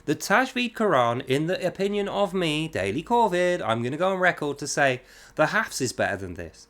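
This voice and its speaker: A man's voice: on the high side, very animated, moderate pace, fairly bright tone. A man hosting a reading with commentary, speaking in a sarcastic, scornful and mocking way. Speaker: host. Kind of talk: reading aloud with critical commentary.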